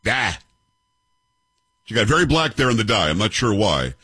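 A man's voice: on the low side, big pitch swings, fast, sharp tone, breathy edge, no room sound. A man in his fifties hosting a commentary show, arguing with clips in a combative, sarcastic way and firing off rhetorical questions. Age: 50s.

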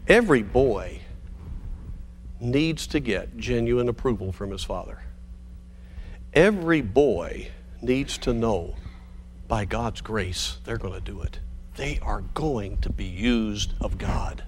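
A pastor delivering a sermon to parents in an earnest, measured way, slowing down on key phrases for emphasis. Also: male voice, lowish voice, animated, a little hiss or hum.

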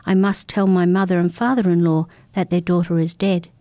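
A woman's voice: lowish voice, little pitch movement, brisk, dark tone, dry recording, studio quality, natural voice. A woman voicing a frightened, bewildered young male villager who asks alarmed, pleading questions.

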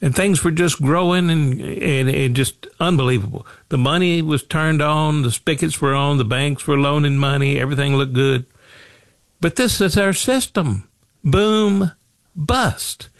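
A man's voice: on the high side, normal speed, no room sound. A man hosting a financial talk show, speaking in a folksy way, repeating phrases and asking himself rhetorical questions. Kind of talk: radio talk show monologue.

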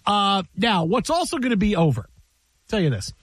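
High-voiced, animated man on sports radio. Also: moderate pace, husky, no echo. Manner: animated storyteller, laughs, repeats himself. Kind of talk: casual sports radio chat.

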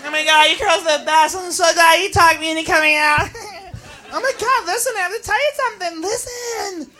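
A woman playing a drunk young woman at a ladies' night, loud, crude and whooping. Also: very high voice, fairly even intonation, a little fast, some chatter behind, a little hiss or hum. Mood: gushing.

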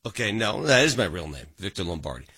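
A man's voice: sits low, fast, husky, no echo. A man hosting a casual talk radio show, telling stories animatedly and acting out the dialogue. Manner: animated storytelling, acts out quoted dialogue.

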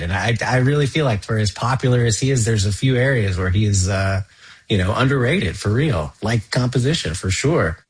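A man interviewing a guest, a pianist himself, sharing an anecdote in a relaxed conversational way and laughing often. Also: mid-range voice, slightly rough, rough recording. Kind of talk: conversational storytelling.

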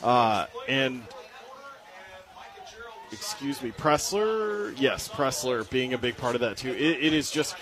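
A man's voice: mid-range voice, animated, slow pace, long pauses, a bit bright. A young man giving upbeat post-game sports commentary, joking and correcting his own slips as he goes. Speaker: play-by-play commentator.

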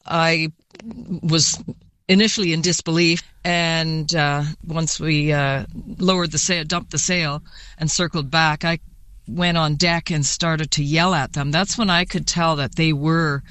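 A woman being interviewed for the news, recounting events in a halting way with many restarts. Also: low-pitched, steady tone, a bit bright, dry recording. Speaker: interviewee, sailboat rescuer.

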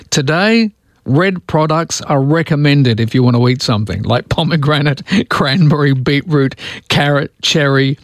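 A man's voice: mid-range voice, dry recording. A man hosting talk radio, chatting casually and wryly, often laughing at his own remarks.

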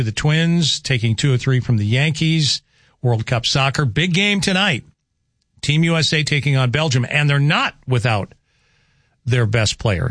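In a radio studio, a man hosting a morning show chats casually and rambles through the weather, folksy and tossing in chuckling asides. His medium-pitched voice is captured dry on a studio microphone.

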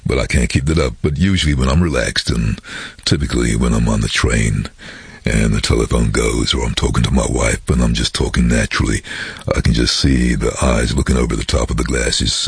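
A man who works as a voice-over artist, telling animated stories in an interview with a very deep, husky voice. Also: fairly quick, no room sound. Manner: animated, acts out voices in anecdotes. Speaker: voice-over artist and former train driver. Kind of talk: interview storytelling.

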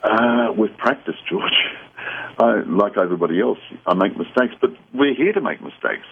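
Deep-voiced guy, kinda husky, earnest advice, tinny phone-line sound. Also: lively intonation, moderate pace. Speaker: psychic guest. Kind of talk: radio call-in chat.

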